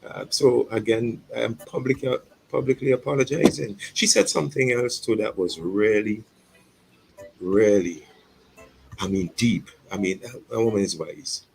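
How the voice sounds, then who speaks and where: A man's voice: fairly low pitch, a little slow, creaky, a little hiss or hum, poor audio. A man who is a pastor, speaking earnestly on a radio show, reflecting aloud and repeating his words as he publicly apologizes. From St Vincent and the Grenadines. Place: radio studio.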